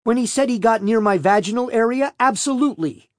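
A man's voice: sits high, very animated, unhurried, darkish tone, no room sound, clean studio sound, voice pushed up, full character voice. A man voicing a defensive young woman on the witness stand, giving curt, evasive answers in an audiobook reading. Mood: snappish.

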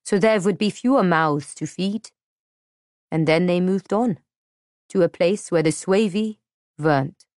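A woman narrating a first-person audiobook in a measured, reflective way. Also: on the low side, a little mellow, no echo, studio quality.

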